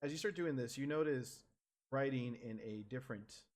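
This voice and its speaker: A man's voice: mid-range voice, normal speed. A man running a tabletop game as game master, narrating casually and sometimes searching for words.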